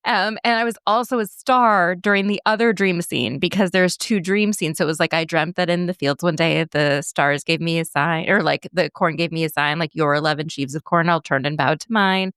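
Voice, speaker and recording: A woman's voice: lowish voice, fairly even intonation, normal speed, few pauses, fairly bright tone, clear, resonant tone, dry recording, studio quality. A woman in her thirties co-hosting a podcast, telling family stories in casual chat and laughing often. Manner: chatty storytelling, laughs often. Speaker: podcast co-host.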